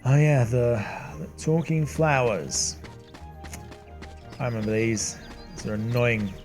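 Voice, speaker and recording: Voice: mid-range voice, slow, over music. A young adult host giving rambling, casual commentary while playing a game. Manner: rambling, self-deprecating, laughs often. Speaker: let's play host.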